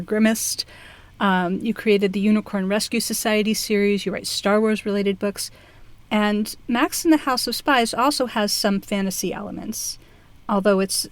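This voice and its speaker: Female podcast host, mid pitch, enthusiastic questioner, dry close mic. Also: no room sound. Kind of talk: interview questions.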